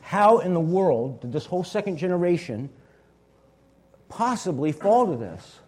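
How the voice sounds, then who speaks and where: A man reading scripture slowly and deliberately, then explaining the meaning of the words as a Bible teacher. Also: sits high, sing-song, darkish tone. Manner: explains word meanings and pronunciations.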